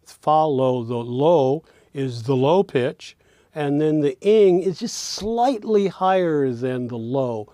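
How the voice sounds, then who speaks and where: A man gives a recorded lesson in a slightly high voice. He talks slowly and repeats example words again and again to show how their pitch moves. The sound is dry and close, with no room around it. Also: animated, warm tone, no echo. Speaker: teacher.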